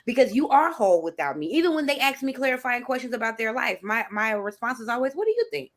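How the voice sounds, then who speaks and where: A woman's voice: a little high, fast. A woman guest in a casual podcast chat, talking earnestly about her clients and acting out what they say. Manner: earnest, animated, acts out client quotes. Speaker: guest who counsels clients.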